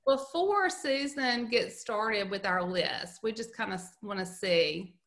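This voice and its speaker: A middle-aged woman with a Southern US accent co-hosts a podcast, chatting casually, telling stories and laughing often. Her mid-range voice is fairly bright and unhurried.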